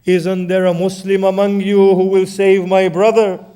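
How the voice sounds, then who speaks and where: A man's voice: sits high, little pitch movement, unhurried, mellow, clean tone, pitched above the performer's own voice. A man preacher voicing a grief-stricken sister who cries out in a raised, pleading manner.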